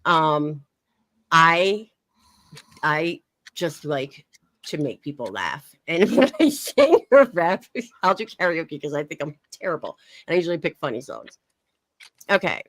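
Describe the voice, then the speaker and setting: A young woman streamer talks casually and laughs often as she reads out chat messages, her low voice swinging widely in pitch. She sounds relaxed and easygoing with her audience. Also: unhurried, long pauses, no room sound.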